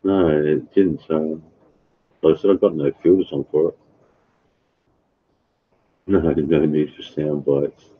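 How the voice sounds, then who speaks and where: A man with a rumbling, very low voice and a rough, husky edge chats loosely with his viewers and greets them by name. His sound comes through thin and narrow, like a phone line, and he talks from home. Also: steady tone, slow pace, pauses often. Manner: rambling, addresses chatters by name. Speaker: livestreamer. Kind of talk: casual chat with live viewers.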